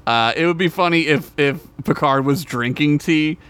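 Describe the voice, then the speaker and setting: A man co-hosting a podcast in casual chat, cracking crude jokes and reacting quickly. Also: on the high side, a bit bright, clear, resonant tone, dry recording. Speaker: podcast co-host.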